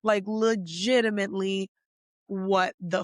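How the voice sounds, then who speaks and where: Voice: medium pitch, fairly even intonation, measured pace, gravelly, no echo, studio quality. A podcast host doing a casual pop culture recap, ranting bluntly and profanely, with lots of "like" fillers. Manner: filler-heavy with many "like"s.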